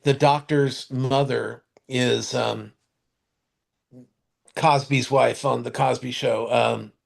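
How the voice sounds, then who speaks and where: A man co-hosting a podcast, chatting casually about TV shows in a rambling, halting way full of restarts and fillers, and swearing now and then. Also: mid-range voice, fairly even intonation, gravelly. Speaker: podcast co-host. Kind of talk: casual chat reviewing TV shows.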